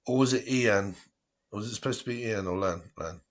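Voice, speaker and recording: A man's voice: on the low side, moderate pace. A man hosting a live tarot stream in a casual, chatty way, often breaking into laughter.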